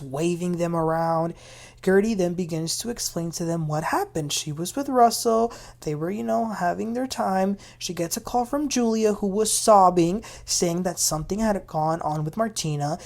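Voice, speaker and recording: A woman's voice: lowish voice, a little mellow. Chatty woman recapping reality TV. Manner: chatty, opinionated, many fillers. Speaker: TV recap host.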